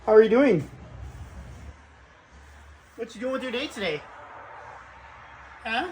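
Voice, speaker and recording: A man with a high voice coos and soothes his cat in a sing-song pet voice. He sits out on a patio, with a faint hum of noise behind him. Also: animated, slow pace, long pauses. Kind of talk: casual talk to a pet. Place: outdoor patio.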